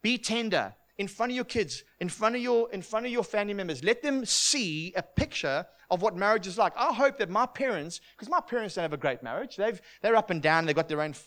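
A man's voice: sits high, animated, quick pace, a bit bright. A middle-aged man preaching a sermon in an earnest, heartfelt way, often repeating words as he starts a thought.

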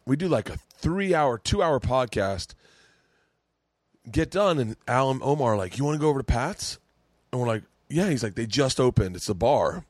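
A man guesting on a comedy podcast, telling a story in relaxed casual chat and filling gaps with easy agreement. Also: medium pitch, moderate pace, no room sound, clean studio sound. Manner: relaxed, chimes in with frequent "yeah".

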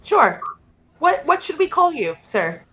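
A woman with a somewhat high voice plays a tabletop game in character. Her manner is polite and a little hesitant, with small stumbles. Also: big pitch swings, measured pace, fairly bright tone, lo-fi sound. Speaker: player.

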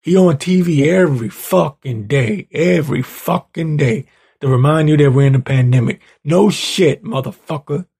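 A man rants at his audience with angry, profane energy, his voice gravelly and rough at the edges. He sits slightly higher than most men and keeps pushing into heated bursts. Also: moderate pace, darkish tone. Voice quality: gravelly, husky. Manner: angry, profane, ranting, rising to heated outbursts. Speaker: show host. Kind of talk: profane political rant.

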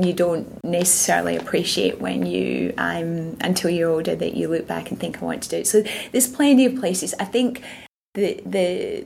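A Scottish woman talks as a guest in a relaxed interview, circling her thoughts with ums and restarts. Her voice has a gravelly edge and sits on the low side. A faint hiss runs under her speech. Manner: reflective, rambling with ums and restarts. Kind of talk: casual interview chat.

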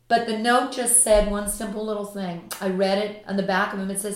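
A woman's voice: mid-range voice, little pitch movement, normal speed, hardly any pauses. Impassioned woman storyteller, echoey room. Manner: impassioned, vivid anecdotal storyteller. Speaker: author and empathy expert guest. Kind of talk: podcast interview storytelling.

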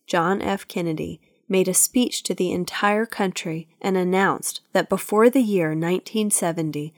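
Give me a woman doing a calm old grandfather explaining things, lower voice, dry. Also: no echo, close to an everyday voice. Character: older grandfather, patient, fond of explaining.

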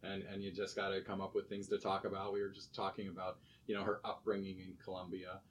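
A man chatting casually on a podcast, telling animated stories and laughing as he goes. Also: low voice, fast talker, slight background noise, rough recording. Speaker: podcast guest, research expert. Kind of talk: casual chat, storytelling.

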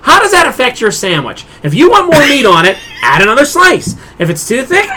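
A middle-aged man with a profane, exasperated and animated delivery, ranting in casual podcast chat. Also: very high-pitched, brisk. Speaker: podcast co-host.

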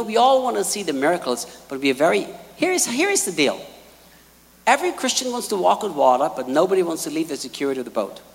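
A man preaching a sermon, telling stories in an animated way and acting out quotes. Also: high-pitched, gravelly, in a large hall.

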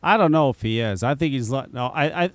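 Lively, profane man ranting on a podcast. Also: mid-range voice, fairly quick, dry recording. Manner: profane, animated storytelling with frequent restarts. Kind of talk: casual chat.

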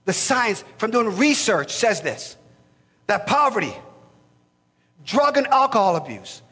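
A man in his forties preaching a sermon to a church, impassioned, climbing into shouts with stammered restarts. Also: high-pitched, big pitch swings, a little slow, long reverb tail. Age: 40s. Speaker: pastor.

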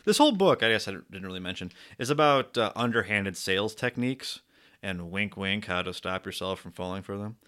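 Guy hosting his own show, rambly and crude, joking at himself, loud one sec then mumbling. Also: lowish voice, expressive, brisk. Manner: rambling, crude, self-mocking asides; swings between loud bursts and muttered asides. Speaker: show host. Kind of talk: casual comedic book rundown.

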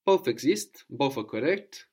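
A man's voice: medium pitch, very animated, measured pace, a little mellow, husky. A man teaching a language lesson, patiently explaining grammar step by step and prompting his student to answer.

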